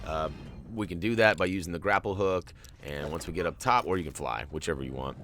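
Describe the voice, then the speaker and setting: A man's voice: deep voice, brisk, a bit bright, slight background noise. A man hosting a video game walkthrough, chatting casually and joking with viewers. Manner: jokey, chatty, talks to viewers. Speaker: gaming walkthrough host.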